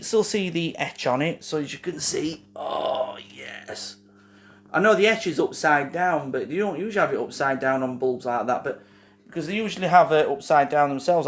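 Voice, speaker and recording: A man rambling through a casual show-and-tell vlog, halting and correcting himself often, with frequent fillers and asides to his viewers. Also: mid-range voice, gravelly. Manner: keeps addressing viewers as "guys". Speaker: lighting hobbyist vlogger.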